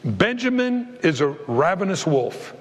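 Animated high-voiced preacher in a reverberant hall. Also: male voice, unhurried. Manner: animated preacher, acts out voices of biblical figures with comic flair. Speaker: pastor. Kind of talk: sermon.

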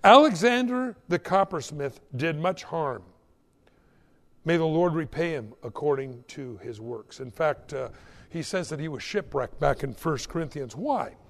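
Animated high-voiced male preacher. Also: unhurried, vocal fry. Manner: animated storytelling, exhorting. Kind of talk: sermon. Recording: echoey hall.

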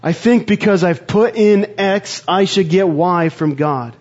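A man preaching a sermon in an earnest, conversational way, pausing to reflect. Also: sits high, darkish tone, dull audio. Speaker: pastor.

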